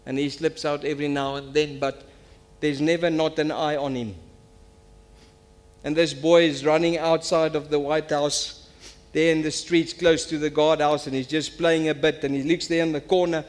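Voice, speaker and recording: A man's voice: on the high side, little pitch movement, normal speed. A man, a pastor preaching a sermon and telling a story that builds to emphatic appeals.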